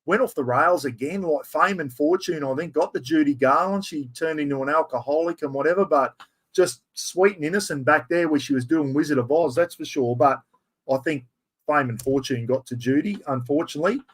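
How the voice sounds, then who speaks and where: A man's voice: a little high, a little fast, breathy edge. Chatty Australian man hosting a livestream. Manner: chatty, reads out viewer comments, mate-heavy slang. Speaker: livestream host. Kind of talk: casual livestream chat.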